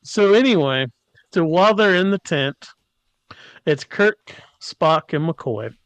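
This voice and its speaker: Slow, smooth male podcast host, joking recap with character mimicry, dry close sound. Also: a little high, expressive, no echo. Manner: jokey, mimics characters in quotes. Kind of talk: casual episode recap.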